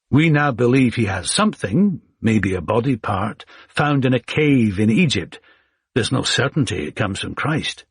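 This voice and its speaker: A man's voice: fairly low pitch, slightly rough, no echo, clean studio sound. A man voicing a ruthless, impatient male company chairman in an audiobook, curt and hard-driving.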